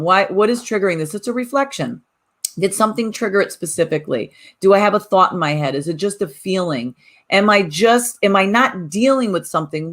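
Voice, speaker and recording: A woman co-hosting a talk podcast in an animated, casual chat, often restarting her sentences. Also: lowish voice. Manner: animated, repeats words when restarting. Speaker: podcast co-host.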